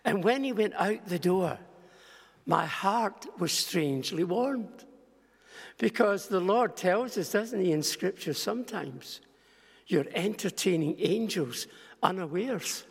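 An older preacher tells personal stories from the pulpit in a rather high voice. His words ring out with a long reverb through a large hall. He stumbles and restarts, then acts out the people in his tales. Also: lively intonation, slow pace, vocal fry, husky. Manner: storytelling with restarts and acted quotes. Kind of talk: sermon storytelling.

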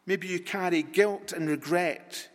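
A man preaching a sermon in a church, deliberate and repetitive, with long rhetorical pauses. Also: sits high. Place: church sanctuary. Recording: long reverb in a large hall.

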